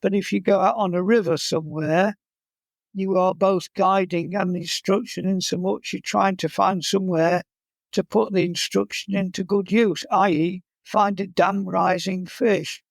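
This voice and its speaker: A man's voice: high voice, steady tone, measured pace, creaky, no echo. A man who teaches fly casting and guides, chatting in an interview and telling humorous stories. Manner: humorous, anecdotal storyteller. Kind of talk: casual interview chat.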